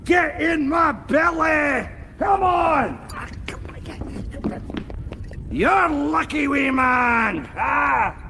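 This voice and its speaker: An actor playing a crude, gluttonous Scottish henchman in a film comedy, loud and boastful. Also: very high-pitched, expressive, extremely slow, creaky, long reverb tail, a little hiss or hum, exaggerated voice. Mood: bellowing glee. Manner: crude, bellowing, gleeful.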